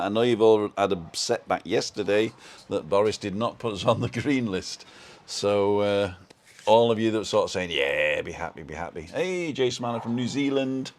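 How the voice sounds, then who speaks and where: A man's voice: fairly low pitch, a little mellow. A middle-aged man hosting a casual live stream from home, rambling along and greeting viewers by name.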